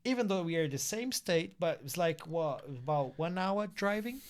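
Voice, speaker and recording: Brazilian man telling animated stories. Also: a little high, moderate pace. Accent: Brazilian Portuguese. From South Brazil. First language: Portuguese. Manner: animated storyteller, laughs often, acts out voices. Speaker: guest. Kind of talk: casual podcast chat.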